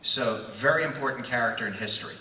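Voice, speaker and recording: Bright-voiced man in his sixties telling stories. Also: medium pitch, fast talker, a little hiss or hum. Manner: animated storyteller who acts out voices. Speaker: panel guest. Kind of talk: stage anecdote at a fan convention. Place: large convention hall. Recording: echoey hall, far from mic.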